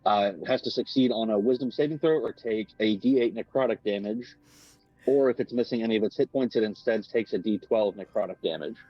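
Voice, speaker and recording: A man playing a tabletop game, reading out rules in a relaxed, explaining way. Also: fairly low pitch, fairly quick, no echo, faint music behind. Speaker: player. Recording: dull, dry lo-fi recording.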